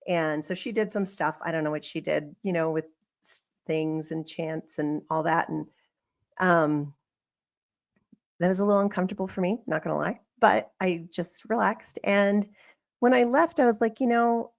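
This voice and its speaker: A woman's voice: on the low side, moderate pace, creaky. A middle-aged woman hosting a podcast, talking candidly in a reflective, conversational monologue and acting out bits of remembered dialogue. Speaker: podcast host.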